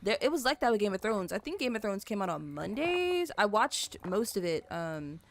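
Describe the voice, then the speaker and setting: A woman's voice: mid-range voice, sing-song, moderate pace, a little hiss or hum. A young woman streaming a building game, chatting casually with her viewers, rambling with lots of fillers and little giggles. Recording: soft music playing behind. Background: faint background music.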